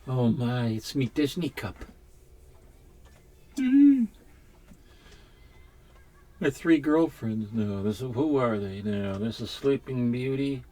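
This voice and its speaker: A man chatting casually while unboxing comics at home, rambling and halting, with the odd swear word. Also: mid-range voice, dark tone. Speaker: comics collector vlogger.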